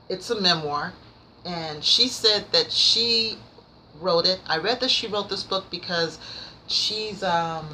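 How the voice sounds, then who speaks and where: A woman reviewing books in a casual vlog, nervous and rambling, stumbling over her words but excited and passionate. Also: on the low side, slight background noise, rough recording. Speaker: book vlogger. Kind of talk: casual book review chat.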